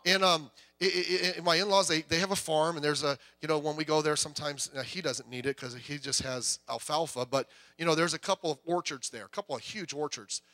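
A middle-aged man, a pastor, preaching a conversational, joking sermon with lively delivery. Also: a little high, a little fast, few pauses.

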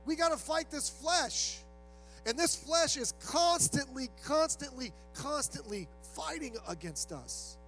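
A man with a high voice delivers a sermon in a relaxed, conversational way and slips into the voices of the people he quotes. Soft music plays under him, and a mains hum sits in the background. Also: a little slow, low-quality recording. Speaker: pastor.

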